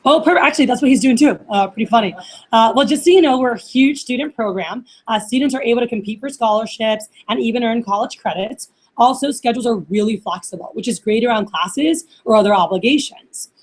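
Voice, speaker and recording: A woman's voice: on the high side, fairly quick. A young woman running a receptionist training workshop, talking casually with lots of fillers and acting out phone calls. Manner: casual, chatty, many fillers like "like" and "uh".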